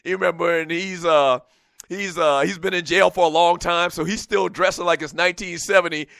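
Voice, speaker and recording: A man hosting a sports radio talk show, telling a loose, animated story with frequent plugs for the show. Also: high voice, fairly quick, gravelly, no echo, clean studio sound.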